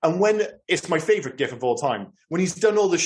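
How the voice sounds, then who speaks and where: A man talking about films on a podcast with easy, casual enthusiasm. His voice sits a little higher than most men's. He rambles and gushes, circling back on his own sentences. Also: animated, quick pace. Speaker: podcast co-host. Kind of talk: casual film chat.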